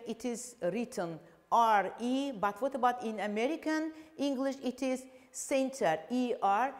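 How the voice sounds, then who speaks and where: A woman English teacher with an Azerbaijani accent, slowly explaining a televised lesson with frequent fillers. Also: fairly high pitch, a little mellow, long reverb tail. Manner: slow, deliberate explaining with fillers.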